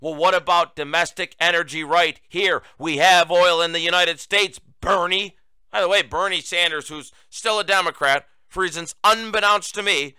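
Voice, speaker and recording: A male talk-show host delivering political commentary in a mocking, combative tone. His voice is very bright and sharp, smooth and crisp, and sits dry and close with no room echo. He swings into near-shouting when he wants to hammer a point home. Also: on the high side, normal speed. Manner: raises voice to near-shouting for emphasis.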